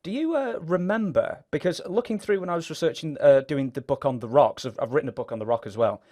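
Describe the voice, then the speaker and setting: A man's voice: fairly high pitch, quick pace, darkish tone, dry recording, studio quality. A man interviewing a guest, asking long questions with hesitant fillers. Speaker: interviewer and author.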